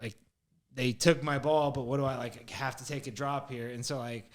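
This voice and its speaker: A young man co-hosts a podcast and rambles through stories, swearing freely and saying "like" constantly. His voice sits at an ordinary middle pitch, and a faint hiss runs underneath. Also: moderate pace. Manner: animated, profane storytelling full of "like". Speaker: podcast co-host. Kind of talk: casual chat.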